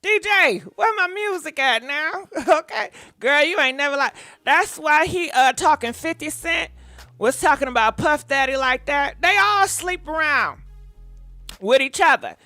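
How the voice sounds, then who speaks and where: High bright-voiced lady spilling celebrity tea, dry close sound. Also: expressive, a little slow, dry recording, soft background music. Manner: sassy, laughing, talks back at celebrities. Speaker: gossip show host. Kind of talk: casual live gossip commentary.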